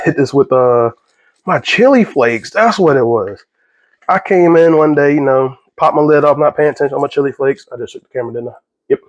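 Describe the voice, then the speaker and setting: This cooking vlog has a young man rambling with jokes in his kitchen, easily sidetracked as he cooks. He speaks with a fairly high voice, and the audio has no room sound and clipped highs.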